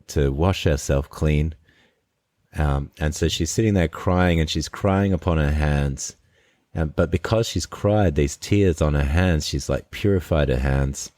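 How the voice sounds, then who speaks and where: A man hosting a podcast, retelling a fairy tale in a relaxed, conversational way before discussing it. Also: extremely low pitch, measured pace, no room sound. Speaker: podcast host. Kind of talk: conversational storytelling and commentary.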